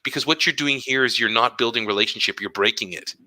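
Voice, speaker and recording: A middle-aged man, an educator co-hosting a podcast, chatting casually and telling animated stories that act out quoted dialogue. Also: mid-range voice, quick pace, dry recording, low-quality recording. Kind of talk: casual chat.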